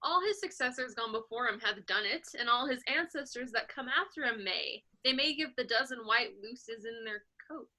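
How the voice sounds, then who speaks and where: A woman reading an eager young country gentleman in a casual amateur play reading, bright, quick and playful. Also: fairly high pitch, expressive, exaggerated voice.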